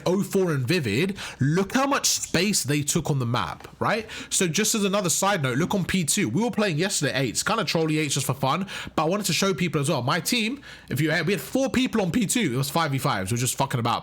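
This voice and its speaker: Male coach, slightly raspy, pitch a touch high, pushes points hard while walking through footage. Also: sing-song, fairly quick, hardly any pauses, a bit bright. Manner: emphatic, keeps checking in with "right?" and "okay?". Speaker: competitive gaming coach. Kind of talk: breaking down match footage.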